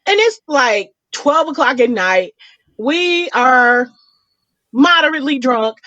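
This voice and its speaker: Animated high-voiced woman telling a story. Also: no echo, lo-fi sound. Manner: animated, acts out quotes with big pitch jumps. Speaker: podcast co-host. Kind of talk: casual storytelling chat.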